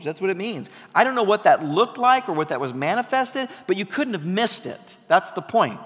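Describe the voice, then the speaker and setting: A man's voice: high voice, fairly bright tone. Preaching man in a reverberant hall. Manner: conversational preaching, rising to emphatic bursts. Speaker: pastor. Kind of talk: sermon.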